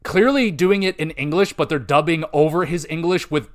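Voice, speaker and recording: A young man with a fairly high voice hosting a podcast in casual chat. He talks excitedly, rambles and swears freely, leaning on filler words as he goes. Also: moderate pace. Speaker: podcast host.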